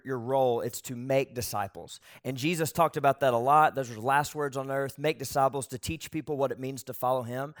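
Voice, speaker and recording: A man hosting a conversation, asking a guest brisk, encouraging questions. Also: mid-range voice, no room sound, clean studio sound. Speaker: podcast host. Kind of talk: interviewing a guest.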